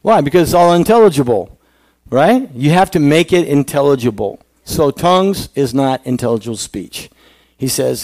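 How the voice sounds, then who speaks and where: A man's voice: a little high, animated, normal speed, a little mellow, dry recording. A male pastor giving a conversational sermon, asking the congregation questions.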